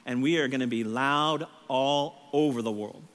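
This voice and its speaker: A man preaching a sermon, his voice scratchy and strained, building to shouted emphasis with rhetorical questions. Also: mid-range voice, moderate pace. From Texas. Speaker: pastor. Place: church sanctuary. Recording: long hall reverb.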